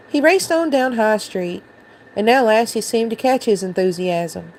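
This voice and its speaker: A woman's voice: a little high, lively intonation, measured pace, darkish tone, a little hiss or hum, low-quality recording. Woman reading a storybook aloud. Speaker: channel host reading aloud.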